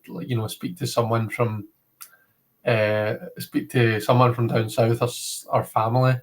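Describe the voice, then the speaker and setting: A man's voice: medium pitch, rough recording. A man with a Scottish accent hosting a casual livestream, chatting to viewers in a rambling way with lots of filler words. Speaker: livestream host.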